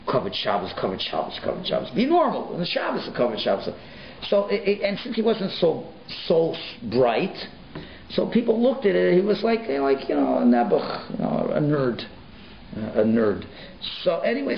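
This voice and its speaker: A rabbi telling a story in a sermon, animated and folksy, sprinkling in Yiddish words, in an echoey, muffled recording. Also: male voice, on the high side, gravelly, slight background noise.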